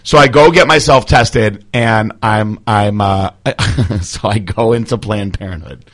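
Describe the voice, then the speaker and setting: Young male guest, loose and profane, telling an animated story in plain conversation. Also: on the low side, a little slow. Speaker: guest athlete and trainer. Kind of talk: casual storytelling.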